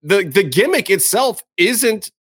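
A man co-hosting a casual wrestling podcast, talking in an animated, emphatic way. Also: high-pitched, a little slow, slightly rough. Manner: animated, emphatic, repeats words. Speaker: podcast co-host.

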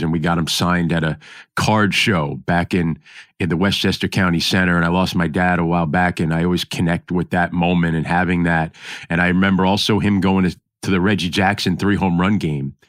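Podcast host, middle-aged man, New York accent, low voice, dry close sound, rambling and reflective. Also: no echo. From New York area. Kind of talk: casual conversation.

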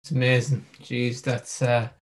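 A man's voice: mid-range voice, completely flat delivery, unhurried. Male interviewer, mid-range voice, brief encouraging reactions, casual chat.

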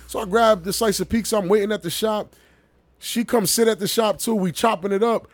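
A man's voice: sits high, a little fast, no room sound. A man, co-hosting a podcast and telling a story with lots of laughter. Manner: animated storytelling, laughing often. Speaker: podcast co-host. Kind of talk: casual chat.

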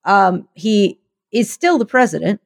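A woman talking politics in a relaxed conversation, her voice mid-pitched. Her humor is dry and deadpan, and her thoughts ramble on with hesitations. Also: measured pace, gravelly. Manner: wry, deadpan sarcasm, rambling. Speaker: podcast co-host. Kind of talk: casual political chat.

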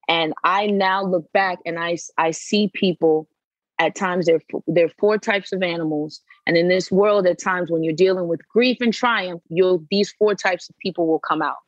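Woman guest, animated and emphatic, muffled dry audio. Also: fairly low pitch, normal speed, dry recording. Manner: animated, emphatic storytelling with repeated phrases. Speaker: podcast guest. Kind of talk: casual interview chat.

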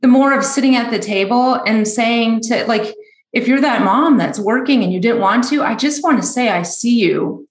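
A woman's voice: fairly high pitch, moderate pace, reverberant. A middle-aged woman speaking as a guest author in a podcast interview, earnest and reflective, sometimes getting choked up.

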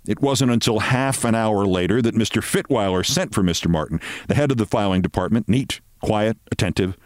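A male podcast host reading a short story aloud with expressive storytelling. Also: on the low side, fairly quick, no echo, studio quality. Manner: expressive storytelling, shifting voices.

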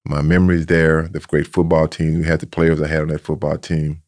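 A man, a guest telling stories in a relaxed way and repeating words as he goes. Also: extremely low pitch, a little fast. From Texas. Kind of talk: casual storytelling.

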